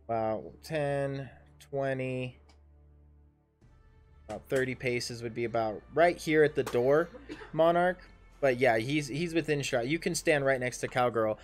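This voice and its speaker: A man in his thirties with a mid-range voice, easygoing and unhurried as he runs a tabletop game for his friends. He reads the scene text and the dice results in a relaxed, think-aloud way, with faint music low underneath. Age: 30s. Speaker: dungeon master. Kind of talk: casual livestream game mastering.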